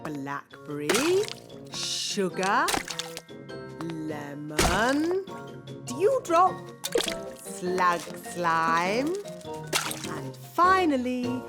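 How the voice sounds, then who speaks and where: A woman voicing a bossy, scatterbrained fairy nanny in a children's cartoon, chirpy and sing-song. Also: medium pitch. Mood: spell-casting. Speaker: Nanny Plum.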